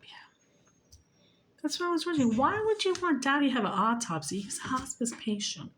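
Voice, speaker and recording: A woman's voice: sits high, big pitch swings, brisk, fairly bright tone, slight background noise. A woman vlogger in an agitated, profane, rambling casual rant to camera.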